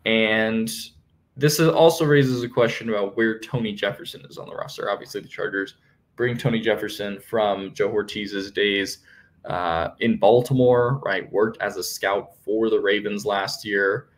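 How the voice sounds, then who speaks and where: A young man with a lowish voice hosts a solo sports podcast. He talks through team news in a loose, conversational way, full of fillers and self-corrections. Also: moderate pace. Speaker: podcast host.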